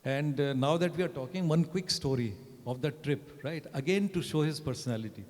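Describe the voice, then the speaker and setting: A man's voice: a little high, fairly quick, a little mellow. Chatty man in a hall. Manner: chatty, tags sentences with "right?". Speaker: panel guest. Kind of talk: anecdotal storytelling. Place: event hall. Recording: long reverb of a large hall.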